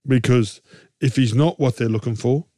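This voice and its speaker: An Australian man in a casual sports chat, talking in a middle-pitched voice that jumps up high when he gets going. He rambles and jokes with restarts and rhetorical questions. The recording is dry and close, with no room sound. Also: normal speed, no echo. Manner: animated, jokey, rambling with restarts. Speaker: co-host and game commentator.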